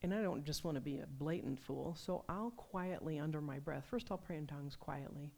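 A woman preaching a sermon, telling personal stories in a conversational, animated way. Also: low-pitched, a little fast, vocal fry. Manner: conversational, animated storytelling with laughs.

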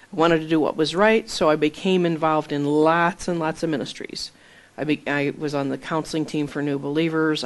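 Woman preaching a personal sermon. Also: low voice. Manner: earnest, personal storytelling. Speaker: pastor.

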